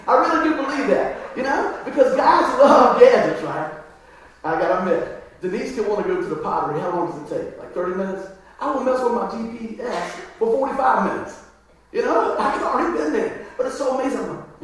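A man's voice: sits high, animated, moderate pace. A man preaching a conversational sermon in a church, often asking the crowd "right?". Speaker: pastor. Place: church hall. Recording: echoey hall, voice from far off.

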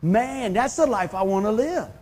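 Man in his fifties, folksy sermon, husky voice, high pitch. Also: expressive, normal speed, a little mellow. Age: 50s. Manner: folksy, conversational preaching with acted-out quotes. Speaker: pastor.

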